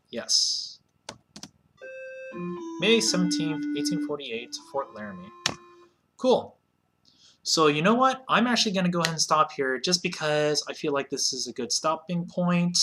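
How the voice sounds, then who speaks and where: A man hosts a casual let's play of an old computer game. He chats easily, breaks into sudden excited shouts, and has a bright, tense voice at a middle pitch.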